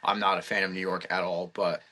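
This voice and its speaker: A man's voice: sits low, level tone, brisk, pushed and bright. A young man in his twenties, a podcast guest, chatting casually and rambling with lots of filler words. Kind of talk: casual chat.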